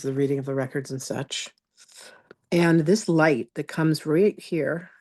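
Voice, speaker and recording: Low-voiced woman leading a spiritual class. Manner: warm chatty storytelling, greets attendees by name. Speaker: spiritual teacher and channel. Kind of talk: live online masterclass talk.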